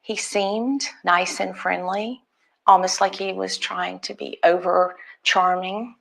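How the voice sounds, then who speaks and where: A woman's voice: mid-range voice, fairly even intonation, takes it slowly, creaky, fairly bright tone, rough recording. A woman recalling family events in a documentary interview, reflective and sometimes acting out what was said.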